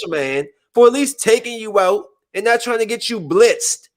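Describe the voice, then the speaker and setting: A man's voice: sits high, normal speed, few pauses. A man hosting a podcast in casual chat, talking animatedly and acting out the people he quotes. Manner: animated, acts out quoted voices. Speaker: podcast host.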